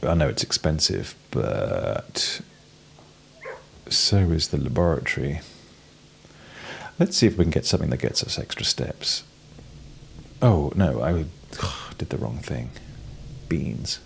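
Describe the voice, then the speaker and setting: A man's voice: rumbling low, expressive, takes it slowly, gravelly, long pauses, a little hiss or hum. A British man with a cold, giving wry, playful commentary while playing a game, with many ums and restarts. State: has a cold, coughing and sneezing. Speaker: game streamer. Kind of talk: casual gameplay commentary.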